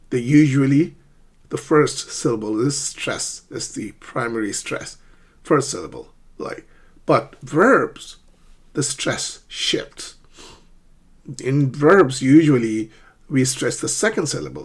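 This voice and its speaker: A man teaching an English pronunciation lesson, speaking slowly and deliberately and exaggerating the stressed syllables. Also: medium pitch, sing-song, slightly rough.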